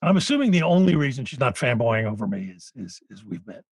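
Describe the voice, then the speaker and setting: A man's voice: medium pitch, very animated, slightly rough, no echo. A man, co-hosting a podcast in casual chat, chatty with easy laughs. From Philadelphia. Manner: chatty, laughs easily, halting restarts. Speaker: podcast co-host.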